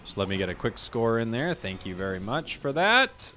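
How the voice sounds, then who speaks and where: A man's voice: medium pitch, normal speed. Chatty man playing a video game. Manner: chatty, animated, bursts into loud excitement. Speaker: gaming video host. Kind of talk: casual gameplay commentary.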